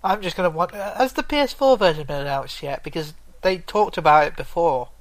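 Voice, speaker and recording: Brief: man, podcast panelist, halting delivery, dry recording. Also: on the high side, lively intonation, no room sound. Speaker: podcast co-host. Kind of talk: casual gaming podcast chat.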